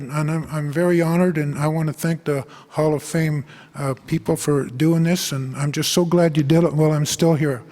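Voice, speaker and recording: An older man with a slightly high voice gives an acceptance speech, stumbling and restarting as he spins a chatty anecdote. His words ring out with a long hall reverb. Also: fairly even intonation, darkish tone. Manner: halting, chatty storytelling with quoted voices. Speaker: inductee. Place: banquet hall.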